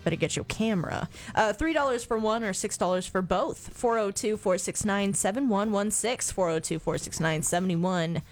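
A woman's voice: medium pitch, moderate pace, hardly any pauses, soft background music. A woman co-hosting a call-in radio swap show, reading listings and phone numbers with playful asides. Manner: chatty, makes dad jokes. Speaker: radio co-host. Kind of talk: casual radio swap-shop chat.

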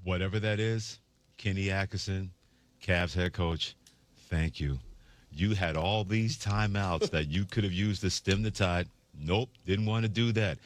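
A man's voice: deep voice, measured pace, dry recording. A man hosting a sports radio show, delivering a sarcastic, theatrical monologue.

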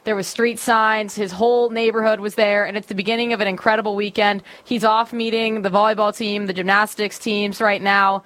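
A woman's voice: mid-range voice, little pitch movement, fairly quick, hardly any pauses, a bit bright. A young woman, a college student, speaking earnestly and upbeat as a guest on a radio show. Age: young adult. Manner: earnest, upbeat, some fillers. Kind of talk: radio interview.

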